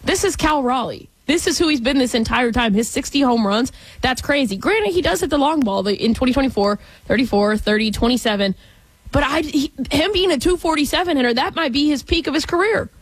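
A woman's voice: high-pitched, expressive, brisk, no room sound, rough recording. A woman co-hosting a sports talk show, giving blunt opinions on players. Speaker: sports radio co-host.

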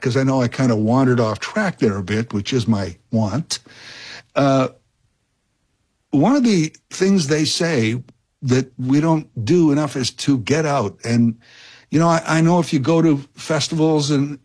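A man's voice: fairly high pitch, a little mellow, slightly rough. A middle-aged man, filling in as a radio talk host and telling a rambling, chatty story full of fillers and restarts. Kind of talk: casual radio talk and anecdote.

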